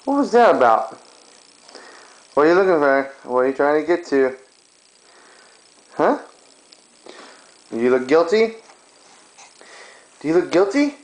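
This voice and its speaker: Dad on a home camera, slow, wildly swooping baby talk, playful. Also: male voice, on the high side, sing-song. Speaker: father filming his baby.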